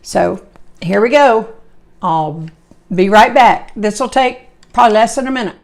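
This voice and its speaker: A woman, chatty and folksy, hosting a home cooking video while hoarse, her voice coming and going. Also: medium pitch, measured pace. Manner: chatty, folksy, rambling asides. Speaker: cooking channel host. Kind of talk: casual cooking demonstration.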